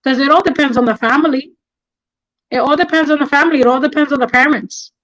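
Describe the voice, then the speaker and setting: Speaking quickly in a high, fairly bright voice, a middle-aged livestream host delivers emotional talk full of anger and passion. She keeps repeating points for emphasis, and the audio is poor.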